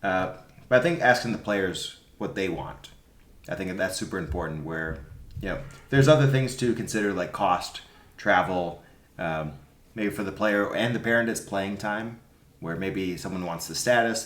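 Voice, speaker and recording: Podcast coach, a man with a lowish voice, emphatic and animated, roomy echo. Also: normal speed. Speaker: youth soccer club coach. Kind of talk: casual podcast chat.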